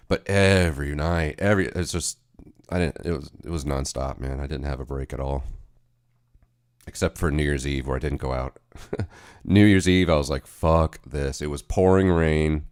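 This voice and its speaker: A man's voice: very deep voice, a little mellow, clean tone. A man hosting a casual livestream, chatting in a rambling, profane way. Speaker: livestream host.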